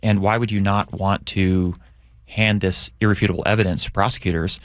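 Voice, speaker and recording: Deep-voiced man, measured and explanatory. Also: level tone, dry recording, clean studio sound. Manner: measured, explanatory, frequent "right?" checks. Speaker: police union president, guest. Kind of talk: radio interview.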